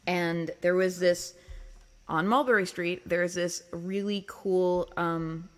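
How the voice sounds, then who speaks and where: A woman's voice: on the low side, fairly even intonation, slow. A woman hosting her own music livestream, chatting casually with viewers, laughing often and filling her talk with ums and likes. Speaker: singer-songwriter livestream host.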